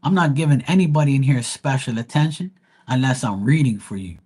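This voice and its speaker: A man's voice: mid-range voice, a little fast, husky. Blunt, heated man ranting on a livestream. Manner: blunt, heated, swearing, animated storytelling. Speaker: live tarot reader.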